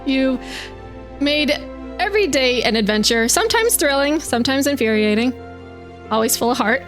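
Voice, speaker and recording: A woman's voice: sits high, expressive, normal speed, fairly bright tone, soft background music. A woman playing a tabletop role-playing game, delivering theatrical in-character vows with playful laughter. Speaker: player.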